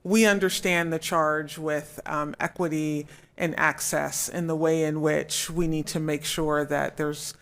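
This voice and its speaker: Board member at a meeting, mid-pitch voice, keeps saying i think, right. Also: flat delivery, unhurried, fairly bright tone, clear, resonant tone.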